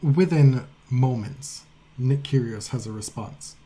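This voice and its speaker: A man co-hosting a casual podcast chat, with a mid-pitched voice and a mellow tone. He retells stories and reads tweets aloud in a conversational way. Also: slow. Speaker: podcast co-host.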